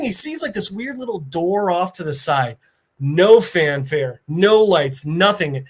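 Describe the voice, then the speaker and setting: A man hosting a podcast, recapping a story in a casual, animated and profane way. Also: high voice, a little slow. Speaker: podcast host.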